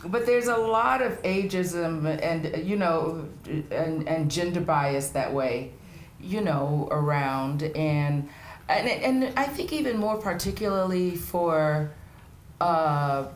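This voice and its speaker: An older actress as a guest in a live on-stage conversation, an animated storyteller who laughs often. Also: female voice, deep voice, takes it slowly. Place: gallery event before a live audience. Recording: echoey room, crowd and noise behind.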